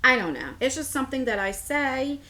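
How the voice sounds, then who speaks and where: A woman's voice: sits high, sing-song, brisk, bright, forceful tone. A woman in her forties from New Jersey chatting casually as a beauty vlogger, reading out viewer comments and answering them in a rambling way, laughing often.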